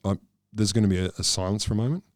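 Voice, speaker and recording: A middle-aged man co-hosting a casual comedic science podcast, telling a history with dry, deadpan jokes. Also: fairly low pitch, very fast, no echo. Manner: deadpan, dry jokey storytelling.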